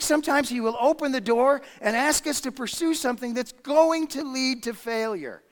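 High-voiced preacher in a reverberant hall. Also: male voice. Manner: dramatic swings between loud emphasis and hushed quiet. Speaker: pastor. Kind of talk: sermon. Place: church sanctuary.

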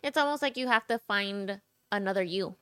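A woman's voice: medium pitch, moderate pace, sharp tone, smooth, no echo, studio quality. A woman hosting a podcast, chatty and laughing as she puts questions to her guest. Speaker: podcast host. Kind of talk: casual podcast interview.

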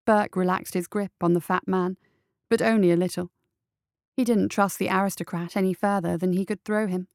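A woman narrating an audiobook in a steady, measured storytelling manner. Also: fairly low pitch, clean tone, no echo, clean studio sound.

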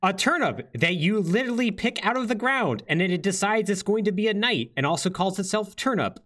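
Animated young man chatting about games. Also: high voice, fairly quick. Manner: lively, rambling with fillers and laughs. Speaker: podcast co-host. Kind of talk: casual chat.

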